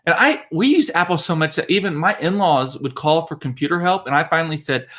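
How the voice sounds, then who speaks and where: A man's voice: on the high side, fairly quick, fairly bright tone. A man hosting a casual livestream from his home computer, chatty and laughing at himself. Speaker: livestream host, father. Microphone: computer mic.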